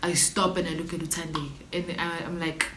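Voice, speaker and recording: A young woman with a South African accent tells a story to her vlog audience in a lowish voice, slangy and animated with sudden dramatic outbursts. The sound carries the echo of a bare room, with a faint hiss underneath. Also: a little fast. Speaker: YouTuber. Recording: echoey room with faint noise.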